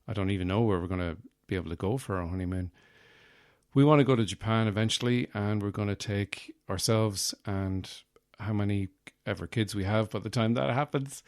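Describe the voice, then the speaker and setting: Fairly low in pitch, the man hosting this podcast comes through with no room sound on a close mic. His monologue is comic and rambling, self-deprecating, wandering, and thick with fillers.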